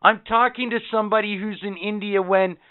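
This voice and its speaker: A man with a slightly high, smooth voice rants and swears his way through a story on a casual podcast. The sound is thin and tinny, like a phone line. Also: fairly even intonation, a little fast, dry recording. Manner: profane, ranting storyteller. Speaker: podcast co-host. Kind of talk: casual chat.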